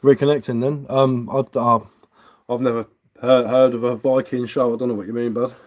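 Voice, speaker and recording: A man's voice: medium pitch, little pitch movement, brisk, darkish tone. A man with a London Cockney accent and a touch of Sussex, chatting casually on a livestream while he carves wood, rambling a little and answering viewer comments. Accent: London Cockney with some Sussex. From England. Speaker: livestreaming bushcraft woodcarver.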